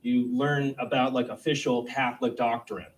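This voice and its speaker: A young man doing a stand-up comedy set, rambling and self-deprecating, and breaking into quick, high-pitched voices for the characters in his stories. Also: steady tone, recorded from a distance, slight background noise, low-quality recording. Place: comedy club stage.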